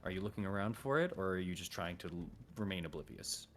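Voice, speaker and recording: Low-voiced game master. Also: male voice, lively intonation, fast talker, slight background noise. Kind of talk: narrating a tabletop game.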